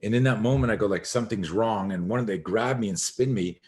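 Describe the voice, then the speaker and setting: A middle-aged man, a self-defense instructor, telling an animated story as a podcast guest and acting out the voices in it. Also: lowish voice, quick pace.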